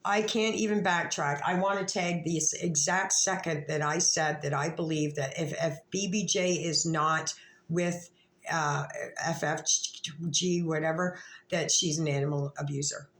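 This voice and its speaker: Woman, vlogger, lower-pitched voice, confrontational, profane, rambling, roomy echo. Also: steady tone, unhurried, fairly bright tone. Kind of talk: rambling direct-to-camera rant.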